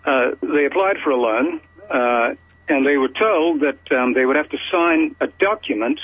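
An Australian man phones in to a radio show, speaking in halting fits with many fillers. His voice is somewhat husky. The audio is dull and lo-fi, like a broadcast. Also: mid-range voice, dry recording. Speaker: caller.

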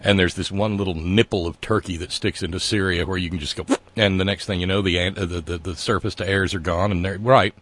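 A man's voice: low voice, fairly even intonation, brisk, hardly any pauses, fairly bright tone. A man co-hosting a casual political chat, rambling and sarcastic, with many fillers and restarts. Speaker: podcast co-host.

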